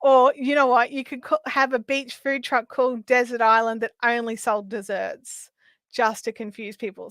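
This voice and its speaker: A middle-aged Australian woman chats through a live crafting session. Her voice sits fairly high, and she rambles through anecdotes, dropping to murmured asides. The sound is dry and close, with no room around it. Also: no echo. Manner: chatty storytelling, often trailing off into quiet asides. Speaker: host of a live craft stream. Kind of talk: casual chat while crafting.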